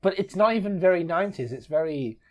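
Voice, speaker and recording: Give me a blunt man co-hosting a film commentary, with a lively, swinging pitch. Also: fast talker. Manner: blunt, dry and grumbling. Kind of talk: casual movie-watching commentary.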